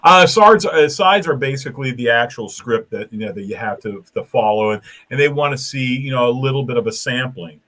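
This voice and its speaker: A man who hosts the show and works as a comedian, telling anecdotes in an animated, casual way. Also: mid-range voice, brisk, few pauses. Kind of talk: casual chat.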